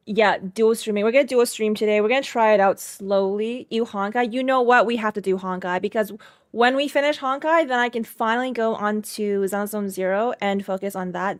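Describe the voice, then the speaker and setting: A chatty woman streamer talks casually into a desk mic, rambling and greeting her viewers one by one. Her voice sits at an ordinary middle pitch. The sound is dry and close, with no room echo. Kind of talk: casual live-stream chat.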